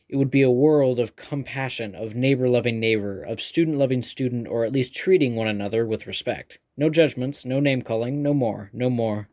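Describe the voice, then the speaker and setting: A man reading a first-person novel aloud with steady storytelling delivery. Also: medium pitch. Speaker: audiobook narrator. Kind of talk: scripted first-person narration.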